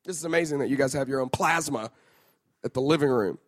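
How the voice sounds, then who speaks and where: A man's voice: mid-range voice, fast. A man in his thirties preaching a sermon on stage, playful and joking as he talks straight to the crowd. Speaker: pastor.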